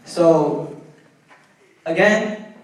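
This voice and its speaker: A man acting as emcee, loudly introducing the next stand-up comic. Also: fairly high pitch, drawn-out words. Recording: echoey hall from far off, noisy.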